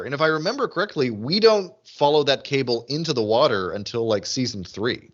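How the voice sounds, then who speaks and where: A man co-hosting a podcast in casual chat, animated and full of restarts as he talks. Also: mid-range voice, normal speed, few pauses, muffled recording. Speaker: podcast co-host. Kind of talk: casual chat recapping a TV episode.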